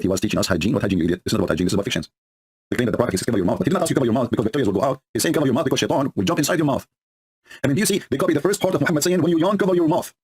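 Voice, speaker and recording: A man speaking broken rattles through a mocking monologue at a very fast clip. His voice is husky, and his pitch leaps up and down as he scoffs. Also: darkish tone. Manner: sarcastic, mocking, broken English. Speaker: host of a religious debate stream.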